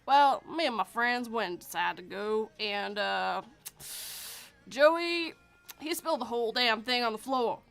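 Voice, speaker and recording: A woman's voice: a little high, expressive, a little slow, creaky, fairly bright tone, exaggerated voice. A woman voicing a Southern man from Louisiana in a folksy, drawling way, with faint music behind. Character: Southern good ol' man telling a tale.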